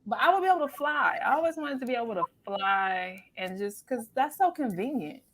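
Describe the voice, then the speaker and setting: A woman guest on a casual talk show, a singer and comedian, answering in a playful, animated way with lots of laughter. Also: on the high side, brisk, a little hiss or hum, rough recording. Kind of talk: casual interview chat.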